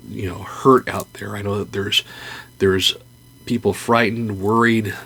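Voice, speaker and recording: Husky low-voiced man telling stories. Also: fairly bright tone. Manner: earnest, anecdotal, with restarts. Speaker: podcast host. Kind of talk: casual storytelling and encouragement.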